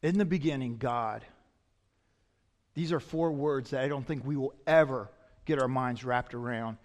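A man preaching a sermon as pastor, swinging from loud emphatic lines to quiet, low asides. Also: moderate pace, in a large hall.

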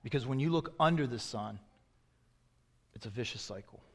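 A man preaching a sermon in a conversational, storytelling way, swinging between loud emphatic phrases and hushed asides. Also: medium pitch, animated, moderate pace. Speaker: pastor. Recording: long reverb of a large hall.

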